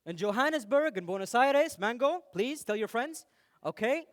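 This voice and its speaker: A young man from the United Arab Emirates speaks on stage to an audience at a normal speed. His high voice swings widely in pitch as he jokes and calls out to listeners, animated and playful throughout.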